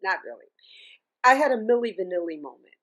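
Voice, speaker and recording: A middle-aged woman, a singer and music teacher, telling stories as an interview guest in a chatty, animated way, often laughing and restarting her sentences. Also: mid-range voice, fairly quick. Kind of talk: casual interview storytelling.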